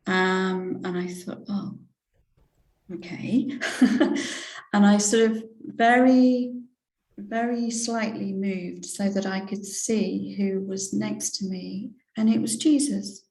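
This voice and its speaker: An English reverend in her 60s, appearing as an interview guest, gives a personal spiritual testimony slowly and heartfelt, hesitating with many fillers and restarts. Her voice is medium-pitched, a little mellow, with fairly even intonation, and the recording has a roomy echo.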